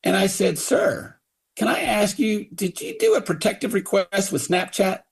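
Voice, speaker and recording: Upset middle-aged father, gravelly voice, retells and mimics officials. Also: sits high, wildly swooping pitch, normal speed. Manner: indignant, quotes others in put-on voices. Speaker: father of a victim, radio guest. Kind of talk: angry retelling on talk radio.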